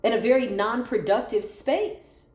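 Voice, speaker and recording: A woman's voice: a little high, measured pace, a little mellow. A woman giving a solo tarot reading, sassy, sarcastic and preachy. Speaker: tarot reader. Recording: echoey room with faint music.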